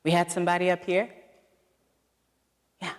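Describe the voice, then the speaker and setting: A woman's voice: lowish voice, completely flat delivery, moderate pace. Earnest woman author in a reverberant hall. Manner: earnest, laughs often. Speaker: visiting author answering audience questions. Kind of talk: live talk and Q&A. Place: large hall before a masked audience.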